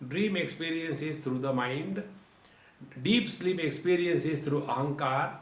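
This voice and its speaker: A man giving a slow, deliberate spiritual discourse as a teacher, addressing his listeners as friends. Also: on the high side. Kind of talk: religious discourse. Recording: roomy lecture hall.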